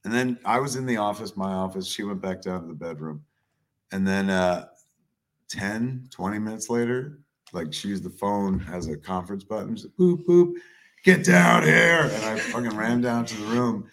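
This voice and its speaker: A middle-aged man telling a story as a guest on a live chat show, swearing constantly and animated. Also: on the low side, moderate pace.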